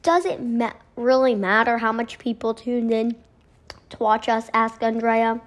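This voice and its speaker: Woman reading a kids' book aloud, high voice, slow and careful, little stumbles. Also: steady tone.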